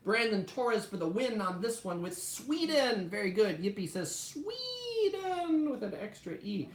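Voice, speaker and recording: A woman's voice: mid-range voice, a little fast, reverberant. A woman hosting a casual live stream about food, chatty and full of "like" fillers. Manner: chatty, heavy use of "like" fillers. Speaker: travel channel host.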